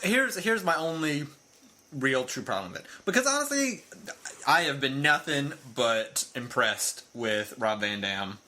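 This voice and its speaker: Bright-voiced joking man. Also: medium pitch, big pitch swings, a little slow. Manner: joking, laughs often. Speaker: podcast co-host. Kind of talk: casual chat.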